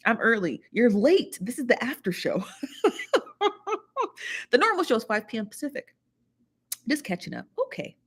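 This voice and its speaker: A woman's voice: fairly high pitch, big pitch swings, normal speed, long pauses, husky. A woman hosting a casual livestream, chatting to viewers and greeting them one by one. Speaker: livestream host.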